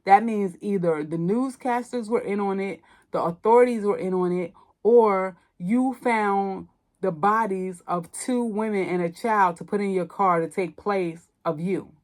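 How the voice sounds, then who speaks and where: A woman's voice: medium pitch, measured pace. A woman hosting a podcast, recapping and roasting a movie in a blunt, casual way, full of slang and swearing. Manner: blunt, animated storytelling with slang and profanity. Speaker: podcast host. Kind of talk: casual movie review chat.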